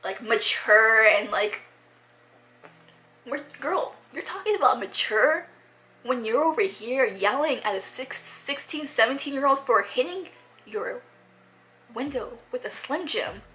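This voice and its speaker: Young woman spilling tea over makeup, bright voice, lots of likes, echoey room. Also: a little high, lively intonation, measured pace, a little hiss or hum. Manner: chatty, exasperated, heavy use of fillers. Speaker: beauty vlogger. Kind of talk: casual storytime while doing makeup.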